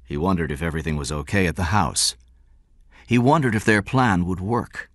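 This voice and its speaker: Deep-voiced, expressive male narrator. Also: no echo, studio quality. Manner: measured, expressive storytelling. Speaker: audiobook narrator. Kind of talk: scripted narration.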